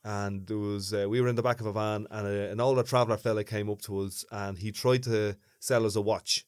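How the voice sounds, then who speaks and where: A man's voice: fairly low pitch, steady tone, fairly quick, clear, resonant tone, dry recording, studio quality. A man with a thick Dublin accent, co-hosting a podcast in easygoing chat, thoughtful and given to restarting his words. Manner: chatty, thoughtful, repeats words when starting. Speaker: podcast co-host. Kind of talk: casual chat.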